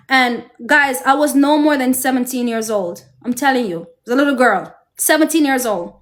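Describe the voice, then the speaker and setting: Jamaican woman host, high voice, talks straight to her viewers, emotional testimony, preachy. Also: normal speed, hardly any pauses. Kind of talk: personal storytelling to viewers.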